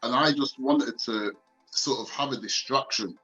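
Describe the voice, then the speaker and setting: A man's voice: mid-range voice, moderate pace, pushed and bright, highs cut off, soft background music. A man from Nottingham, England, guest on a podcast, talking openly in a casual chat and laughing readily. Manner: open, easygoing, laughs readily.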